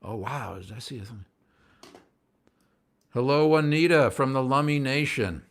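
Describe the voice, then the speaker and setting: A man's voice: mid-range voice, expressive, moderate pace, a little hiss or hum. A man hosting a casual livestream show, talking to viewers at home in an earnest, rambling way that sometimes gets worked up. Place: at home by a window, indoors.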